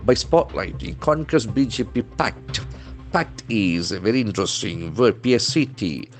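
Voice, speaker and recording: Brief: male trainer, lowish voice, methodical spell-and-pronounce delivery, soft music behind. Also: expressive, moderate pace. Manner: spells words letter by letter and models pronunciation. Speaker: English trainer. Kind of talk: newspaper vocabulary lesson.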